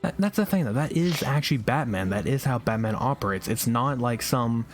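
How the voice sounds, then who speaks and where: Male podcast co-host, casual, rambling, quick laughs, faint music underneath. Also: medium pitch. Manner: animated, rambling, laughs often. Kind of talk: casual chat.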